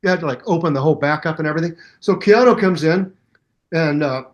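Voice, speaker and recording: An older man, a bass teacher, telling stories in a casual interview and scatting bass lines aloud to show exercises. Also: fast talker. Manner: animated storyteller who scats bass lines aloud. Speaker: bass teacher and musician guest.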